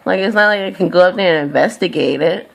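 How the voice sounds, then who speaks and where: A woman's voice: on the low side, quick pace, creaky. A tired young woman venting in a profane, exasperated rant to camera. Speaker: vlogger.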